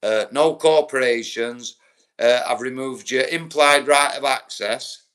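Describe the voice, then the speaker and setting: A man's voice: mid-range voice, a little slow, a bit bright. A man in his forties with a Yorkshire accent, chatting on a live stream and telling stories full of swearing. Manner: swearing, rambling storyteller. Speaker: livestreamer. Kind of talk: casual live-stream chat.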